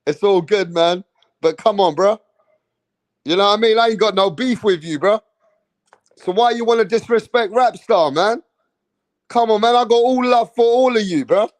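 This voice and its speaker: A man's voice: high voice, normal speed, long pauses. A man hosting a boxing channel, talking casually and chiding viewers in street slang. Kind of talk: casual livestream rant.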